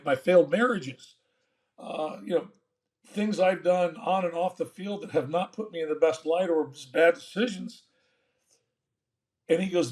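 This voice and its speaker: With a slightly high voice, an older former baseball manager spins a folksy, lively tale during an interview, performing the characters' lines as he goes.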